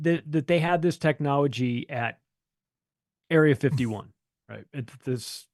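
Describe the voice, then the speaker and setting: A man's voice: on the high side, measured pace, dry recording, studio quality. A man guesting on a podcast, telling a long story in a rambling, profane, casual way and acting out the voices of the people in it.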